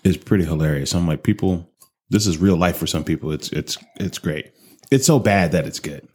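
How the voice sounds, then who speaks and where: Podcast co-host, male, very low husky voice, loose profane rambling chat. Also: fairly quick, a little mellow. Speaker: podcast co-host reviewing whiskey. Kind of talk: casual chat.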